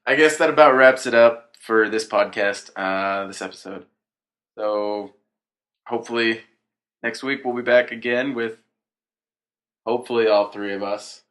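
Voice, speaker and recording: A man's voice: lowish voice, unhurried, long pauses, a bit bright. A man co-hosting a podcast, reacting in short remarks and wrapping up the episode in casual chat. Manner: reacting with short interjections, then wrapping up the show. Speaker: podcast co-host.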